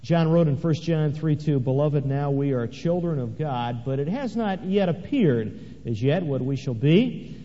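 A man's voice: fairly high pitch, expressive, unhurried, dark tone. A man preaching a sermon, swelling dramatically when he reads scripture aloud. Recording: echoey hall, dull lo-fi sound.

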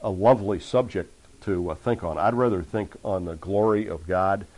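A man preaching at a conference seminar, earnest and measured, with frequent fillers between phrases. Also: sits low, darkish tone. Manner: earnest, reads accounts aloud with rising intensity. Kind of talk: conference sermon lecture.

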